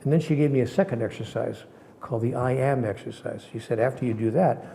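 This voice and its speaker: A man, a spiritual teacher, telling personal stories in an animated way, acting out the people in them and sometimes dropping to a whisper. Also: medium pitch, fast, creaky, slight background noise. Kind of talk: storytelling talk.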